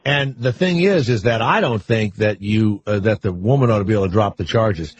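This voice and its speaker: A man's voice: on the low side, a little fast. An older man hosting a talk radio show, rambling and wisecracking in loose asides with callers and co-hosts. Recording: muffled lo-fi radio broadcast.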